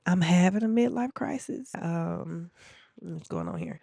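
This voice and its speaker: A woman in her forties who hosts a faith podcast, telling her own story in an earnest, emotional way with halting restarts. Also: fairly low pitch, wildly swooping pitch, creaky, dry recording, clean studio sound. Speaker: podcast host. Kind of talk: personal testimony.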